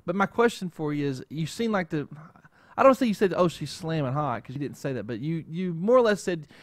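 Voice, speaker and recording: A man with a fairly high voice rambles through casual chat as the host, tacking "okay?" onto his points. The sound is dry and close, with no room around it. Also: big pitch swings, brisk, no room sound. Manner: rambling, keeps adding "okay?". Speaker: show host.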